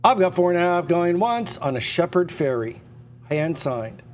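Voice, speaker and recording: A man's voice: sits high, big pitch swings, moderate pace, soft background music. Pushy, stammering male auctioneer. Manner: repetitive, pushy salesman patter with stammered restarts. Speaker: auctioneer and livestream host. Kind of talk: live online auction sales pitch. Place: indoors at a computer.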